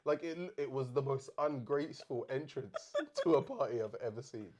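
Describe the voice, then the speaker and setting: Co-host, male, husky voice, lively pitch, animated storyteller who laughs often. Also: moderate pace. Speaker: podcast co-host. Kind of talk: casual chat.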